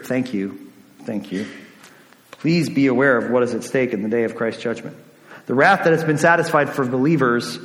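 A man's voice: mid-range voice, a bit bright. A man preaching a sermon as a pastor, earnest, often checking in with "right?". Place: church sanctuary. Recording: echoey reverberant church hall.

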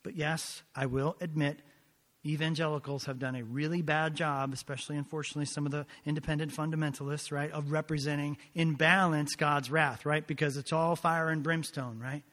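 A man delivers a sermon from the pulpit in a fairly high voice. He is emphatic but conversational, firing off rhetorical questions and slipping in asides. His voice trails off into the long echo of a big hall. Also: little pitch movement, a little fast, fairly bright tone. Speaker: pastor.

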